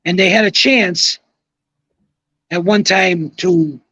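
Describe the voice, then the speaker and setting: A man's voice: sits high, slow, bright, forceful tone, no echo. A man, a retired bowling pro, giving rambling, hesitant opinions in a casual podcast chat.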